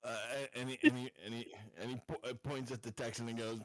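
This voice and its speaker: A man's voice: medium pitch, fairly even intonation, quick pace, hardly any pauses, fairly bright tone, dry recording, rough recording. A man playing a tabletop game, stammering and laughing often as he describes his character's antics. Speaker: player. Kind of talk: tabletop role-play banter.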